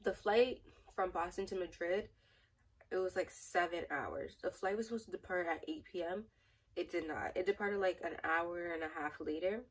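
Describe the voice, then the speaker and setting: Young woman, casual vlog storytelling, rambling, chatty, lowish husky voice, a bit far from the mic. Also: normal speed. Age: young adult. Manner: rambling, chatty, lots of fillers. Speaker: vlogger.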